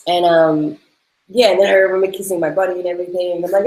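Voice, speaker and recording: A woman's voice: fairly low pitch, fairly even intonation, quick pace, a little mellow, reverberant, low-quality recording. A woman speaking in a casual question-and-answer chat, earnest and searching for words, laughing at herself now and then. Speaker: host's girlfriend, guest.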